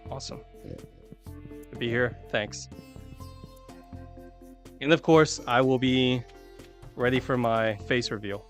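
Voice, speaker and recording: A man's voice: mid-range voice, slow, long pauses, faint music behind. A man chatting casually and rambling while streaming a video game, talking to his viewers through a desk microphone. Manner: rambling, chatty, self-deprecating. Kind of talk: casual gameplay chat.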